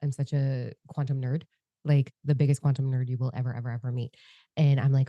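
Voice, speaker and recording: A woman co-hosting a podcast in candid casual conversation, talking fast and without a filter, swearing freely. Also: a bass voice, flat delivery, no echo, dull audio. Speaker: podcast co-host and psychic medium.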